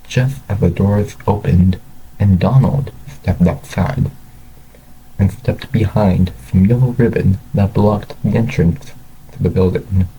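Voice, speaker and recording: A man's voice: low voice, gravelly, dark tone, a little hiss or hum, low-quality recording. A man reading a fan story aloud, who stumbles and repeats words as he goes. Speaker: story reader.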